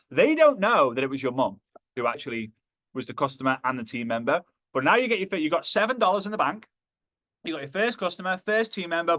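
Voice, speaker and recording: A man giving a motivational talk to a live audience, animated and jokey, slipping into acted voices. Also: mid-range voice, no echo. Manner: animated, acts out quoted voices, jokey asides. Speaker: motivational speaker.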